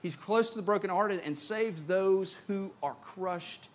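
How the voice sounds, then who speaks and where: A man preaching a sermon as pastor, conversational and animated, often repeating words as he goes. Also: high voice, measured pace.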